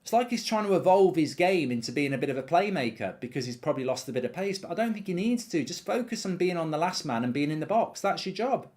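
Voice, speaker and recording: A man's voice: a little high, big pitch swings, fast talker, hardly any pauses, darkish tone. A man hosting a live football watchalong, ranting animatedly and swearing freely while telling an anecdote. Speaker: host.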